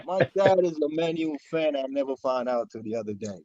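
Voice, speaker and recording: A man calling in to a fan show, telling a story in an animated, slangy way. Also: mid-range voice, fairly quick, muffled recording, a crowd in the background. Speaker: caller. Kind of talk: casual call-in chat.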